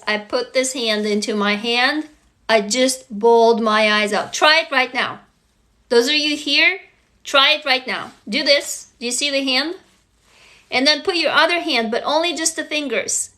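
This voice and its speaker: Bright high-voiced woman livestreaming. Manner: earnest, emotional, talks straight to viewers with swearing. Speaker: livestream host. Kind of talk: casual self-help livestream talk. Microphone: phone.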